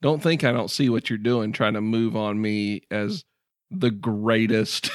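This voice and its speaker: A man's voice: fairly low pitch, measured pace, no echo, studio quality. A man co-hosting a podcast who jokes and laughs a lot in casual chat. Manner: laughs often, joking. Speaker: podcast co-host.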